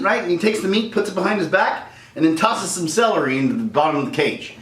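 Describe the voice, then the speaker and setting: A middle-aged man rants with heated energy, his pitch swinging wildly as he acts out voices. His voice sits a bit high for a man. The room is echoey, the mic is some distance away, and faint noise hums underneath. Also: lively intonation, brisk, fairly bright tone. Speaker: vlogger. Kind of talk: angry rant.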